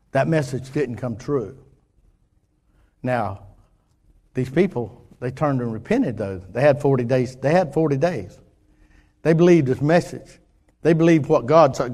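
A man preaching a sermon in an earnest, halting way, often restarting his sentences and swinging between loud and quiet. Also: mid-range voice. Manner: earnest, halting with many restarts, rising and falling in intensity. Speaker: pastor.

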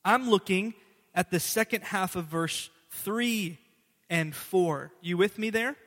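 A male pastor giving a lively, conversational sermon, often checking in with the congregation. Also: sits high, slow. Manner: conversational, animated preaching with asides to the congregation. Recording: preached in a hall with long reverb.

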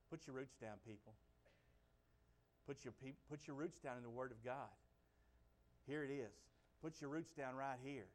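A middle-aged male pastor preaching a folksy sermon, by turns quiet and conversational and loud and excited. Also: medium pitch.

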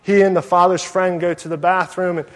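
A man preaching a sermon as pastor, telling a story with lively acted-out asides and self-mocking humor. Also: high-pitched, fairly quick, in a large hall.

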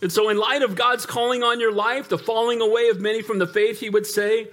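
A man's voice: sits high, fairly even intonation, brisk, a bit bright. A man, a pastor, preaching a sermon in a conversational, emphatic way, joking with the congregation and calling out for amens.

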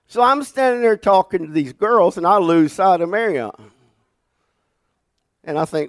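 A pastor in the pulpit, telling stories with a folksy, animated delivery and chuckling along the way. His voice sits a little higher than most men's, and the sound is close and dry with almost no room echo. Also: moderate pace, pauses often. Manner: folksy, animated storyteller who laughs through his stories. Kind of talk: sermon with storytelling. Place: church sanctuary.

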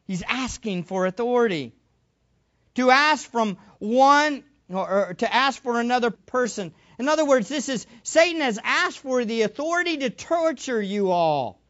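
An emphatic preacher working through a passage in a sermon, leaning on repeated phrases and rhetorical questions and pushing a bit faster at times. The pitch sits in a middle range, and the recording has a slightly dull, muffled quality. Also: lively intonation, fairly bright tone.

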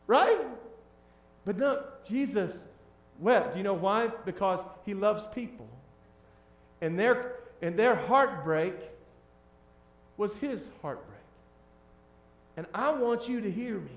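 High-voiced pastor preaching in an echoey hall. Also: male voice, animated, slow, long pauses. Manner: swings from hushed and tender to loud and emphatic. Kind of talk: sermon.

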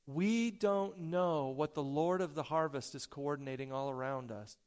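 A man preaching a sermon, telling a personal story with loud emphasis, soft asides and stammered repeats. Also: a little high, moderate pace, clean tone. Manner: stammers and repeats words when excited. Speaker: pastor.

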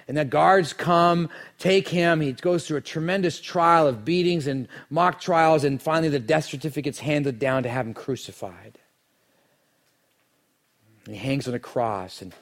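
A man preaching a sermon, telling the story dramatically and swinging from hushed lines to near shouts. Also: mid-range voice. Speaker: pastor.

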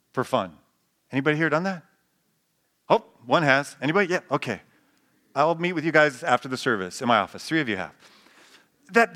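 Playful preaching man, mid-pitched voice. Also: bright, forceful tone. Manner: playful, joking asides with the congregation; reads scripture slowly with emphasis. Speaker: pastor. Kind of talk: sermon. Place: church sanctuary with live congregation.

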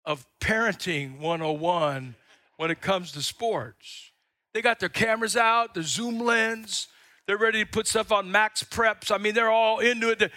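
Older guy pastor preaching, high bright voice, dry sound, acts out quotes. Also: dry recording. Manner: animated storytelling, acts out quotes; stumbles and repeats words. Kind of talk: sermon.

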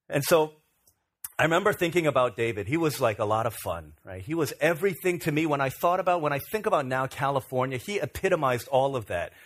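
A middle-aged man from Virginia, a pastor telling stories in a relaxed, self-deprecating way during a sermon. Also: mid-range voice. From Virginia, USA. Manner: conversational, self-deprecating storyteller. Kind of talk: storytelling sermon.

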